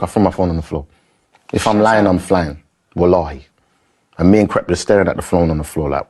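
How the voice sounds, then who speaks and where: A young man telling a story casually in an animated, slangy way. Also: deep voice, a little fast, slightly rough.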